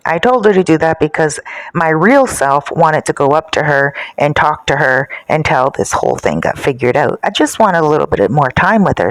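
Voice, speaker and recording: Casual gossipy woman telling a dark story. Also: sits low, no room sound, rough recording. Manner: casual, gossipy, self-satisfied. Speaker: narrator. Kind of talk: first-person confessional story narration.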